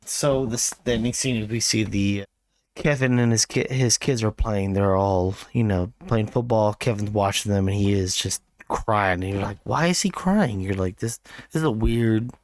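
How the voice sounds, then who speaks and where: A man's voice: lowish voice, steady tone, moderate pace, a little mellow, no room sound. A man co-hosting a podcast in casual chat, blunt and sweary, egging the others on. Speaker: podcast co-host.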